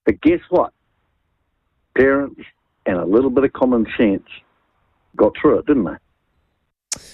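An older man rings in to talkback radio, opinionated and animated, tripping over repeated words. His husky voice swings lively in pitch, and the thin phone line comes through dry and close. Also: slow, dry recording. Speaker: radio caller.

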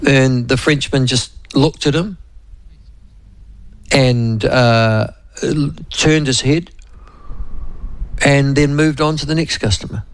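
A man's voice: mid-range voice, takes it slowly, pauses often, low-quality recording. A man with a New Zealand accent hosting a radio show in a rambling, chatty, digressive way. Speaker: radio host. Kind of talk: casual radio chat.

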